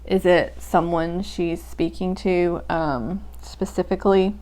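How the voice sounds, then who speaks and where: A woman's voice: fairly low pitch, fairly even intonation, slow, mellow. A young woman reading a poem aloud and musing over its lines in a casual, reflective way. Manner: reflective, musing, many "like" and "um" fillers. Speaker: poetry podcast host. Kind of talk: casual poetry reading and commentary.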